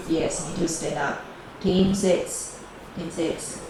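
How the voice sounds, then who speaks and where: A woman teaching English grammar to a high school class, mixing languages and repeating each key phrase. Her voice bounces around a large, very echoey classroom, and clear room noise sits under it. She calls on one team after another. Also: steady tone, takes it slowly, recorded from a distance. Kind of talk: bilingual classroom grammar lesson. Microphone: camera recording the class.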